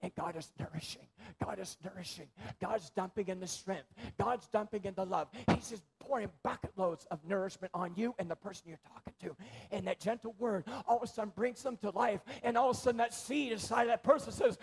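A man preaching a sermon in a church, repeating phrases for emphasis and swinging between loud stress and near-whispers. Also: extremely high pitch, expressive, brisk, creaky.

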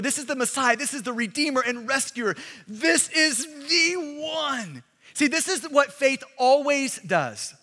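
A pastor preaching a sermon with emphatic, repetitive delivery that builds to shouts, recorded in a large hall. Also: male voice, extremely high pitch. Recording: long hall reverb.

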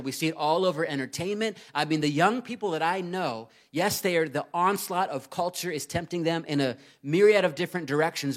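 A male preacher in his thirties delivers a sermon in a slightly high voice. He talks earnestly and with emphasis, swelling to loud urgent bursts, then sinking quiet for the scripture passages. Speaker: pastor.

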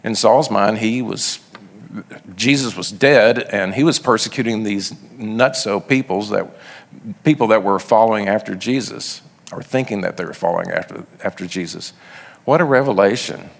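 A man's voice: fairly low pitch, normal speed, vocal fry, big-room sound. A man preaching a sermon, reading scripture aloud and then explaining it in a conversational way. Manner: reads passages then explains them conversationally.

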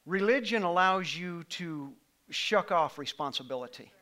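Bright, high-voiced, impassioned male pastor. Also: expressive, measured pace. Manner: impassioned, building to near-shouts. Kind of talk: sermon. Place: church sanctuary with live congregation.

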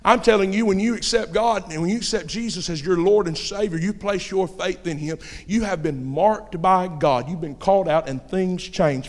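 Male pastor, fervent sermon delivery, high voice, long hall reverb. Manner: impassioned, rising to shouts.

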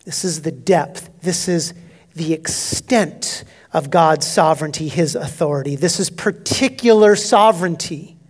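A male pastor preaching an expository sermon, emphatic, swinging between loud declarations and hushed, near-whispered asides. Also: a little high, a little slow.

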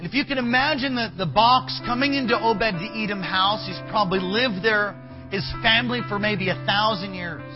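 This pastor has a high voice and speaks at normal speed, animatedly retelling a Bible story in his sermon, performing the characters and addressing the band. Soft band music accompanies him, and the highs are cut off.

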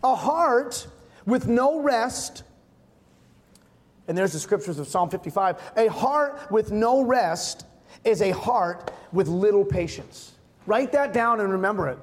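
Man preaching, high voice, chatty storytelling sermon, repeats key lines. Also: animated, a little slow. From Massachusetts. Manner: conversational storytelling with emphatic repeated refrains. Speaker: pastor.

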